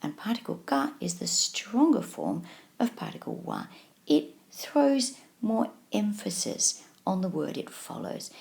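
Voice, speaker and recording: A woman teaching a language video tutorial, explaining slowly and patiently and encouraging the learner. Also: medium pitch, vocal fry, darkish tone. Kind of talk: scripted video tutorial lesson.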